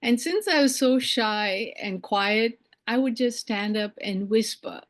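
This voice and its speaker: Middle-aged woman from India, keynote storyteller, animated, brings quoted voices to life, slightly high voice. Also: a little slow. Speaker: keynote speaker. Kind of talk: personal storytelling speech.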